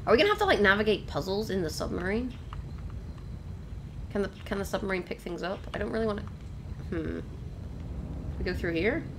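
A woman's voice: medium pitch, lively intonation, brisk, pauses often, noisy background. A young woman casually commenting on a video game she is playing, chatting to viewers and exclaiming at what happens on screen. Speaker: let's play host. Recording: game sound clearly behind voice. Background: game ambience.

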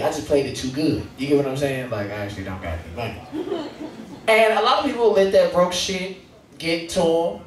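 A young man with a St. performs animated, profane stand-up, his voice high and swinging widely. He sounds distant from the mic in a big, echoing room. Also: slight background noise. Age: young adult. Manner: animated, profane, acts out scenes. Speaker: stand-up comedian. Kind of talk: stand-up comedy storytelling. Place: comedy stage in a live venue.

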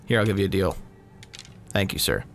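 A man with a low-pitched voice talks fairly quickly while hosting a gaming video. His let's-play commentary is casual and rambling, peppered with self-mockery and regular swearing, with game sounds and music in the background.

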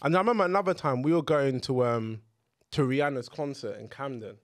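A man's voice: mid-range voice, fairly quick. A young man, co-hosting a podcast and telling stories casually among friends, often laughing through his own punchlines and using slang. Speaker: podcast co-host.

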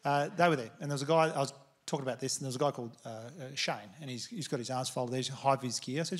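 A man's voice: mid-range voice, fast, slight background noise. A man with an Australian accent doing a stand-up comedy set, laid-back and laughing through his lines.

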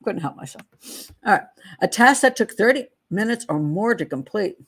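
Middle-aged american woman, true crime host, reads statements aloud, chatty and digressive, average pitch. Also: lively intonation, moderate pace, husky. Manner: chatty and digressive, laughs at own asides. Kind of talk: casual case walkthrough, reading statements aloud.

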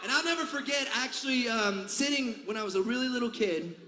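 A man's voice: extremely high pitch, expressive, brisk, bright, forceful tone. Chatty man on stage in a big hall. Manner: chatty, laughing, rambling storyteller. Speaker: singer addressing a concert crowd. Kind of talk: onstage banter. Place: large concert venue on stage. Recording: live hall reverb, faint crowd noise.

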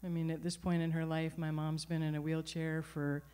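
A middle-aged woman telling a personal story at a live storytelling event, conversational and animated, with frequent restarts. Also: sits low, normal speed, smooth. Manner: conversational, animated, self-correcting.

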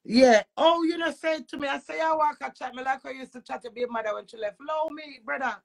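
A woman's voice: high voice, fast, gravelly. A woman with a Jamaican accent, a vlogger delivering an agitated, repetitive emotional rant full of swearing.

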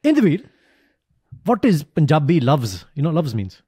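A British man co-hosting a podcast, chatting and teasing his co-host as he tells stories. His voice is mellow and a little husky. The sound is dry and close, with little room echo. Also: fairly high pitch, moderate pace. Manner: animated storyteller, teasing. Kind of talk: casual chat.

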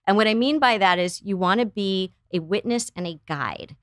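Guesting on a conversational interview, an earnest middle-aged therapist from the United States explains her points and acts out the voices she quotes. Her medium-pitched, slightly bright voice moves at normal speed, recorded dry with studio quality.

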